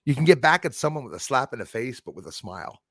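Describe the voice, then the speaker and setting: A man's voice: medium pitch, big pitch swings, fast, sharp tone, breathy edge, no echo, clean studio sound. A man hosting a livestream, chatting casually and jokily while answering viewer comments, with frequent chuckles. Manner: rambling, jokey, chuckles often.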